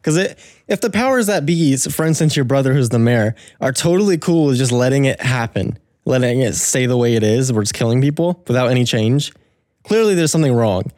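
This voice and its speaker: Man, casual chat, quick talker, thinks aloud, dry sound. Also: medium pitch, expressive, darkish tone, dry recording.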